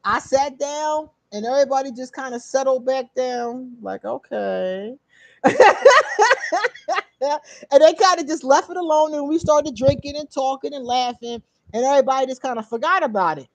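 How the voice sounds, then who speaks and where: A woman hosting her own channel, casually telling a story straight to her viewers, animated, laughing often and swearing freely. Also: high-pitched, normal speed, dry recording. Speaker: channel host.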